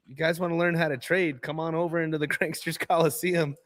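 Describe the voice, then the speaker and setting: A man's voice: on the high side, flat delivery, a little fast, a bit bright. A man hosting a live trading stream, talking in a loose, laid-back way and filling his talk with "dude" and "man". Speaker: livestream trading host. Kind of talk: casual livestream chat.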